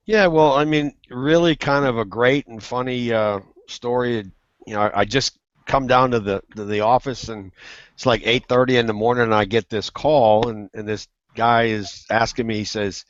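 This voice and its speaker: A man on a video call telling a funny story in a lively, animated way. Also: medium pitch, moderate pace, dry recording, highs cut off. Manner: animated storyteller, laughs at own jokes. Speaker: guest. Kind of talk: casual storytelling.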